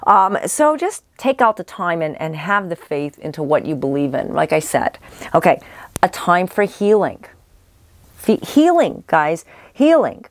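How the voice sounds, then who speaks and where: A woman's voice: fairly low pitch, sing-song, measured pace, no room sound. Rambling woman giving a tarot reading. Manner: rambling, many restarts and fillers. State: losing her voice. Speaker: psychic tarot reader. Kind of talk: casual spoken tarot reading.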